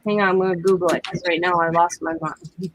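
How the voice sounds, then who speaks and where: A middle-aged woman hosting a crafting live stream, chatting and telling stories in a lively, animated way. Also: on the low side, fast talker, a little hiss or hum, rough recording. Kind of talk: casual chat while crafting.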